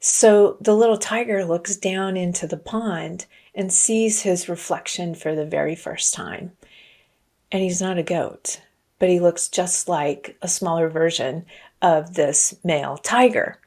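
A woman's voice: fairly low pitch, measured pace, darkish tone. A woman giving a motivational talk and telling a fable in an earnest way, with frequent restarts. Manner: earnest, many restarts and fillers. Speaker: motivational speaker.

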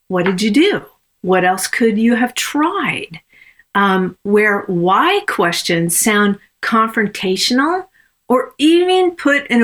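A woman coach talks through her lesson at a measured, reflective pace, dropping in the odd um as she thinks. Her pitch sits in an ordinary middle range for a woman. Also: fairly bright tone. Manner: measured, reflective, with frequent ums. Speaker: coach and consultant. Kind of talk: podcast teaching on coaching conversations.

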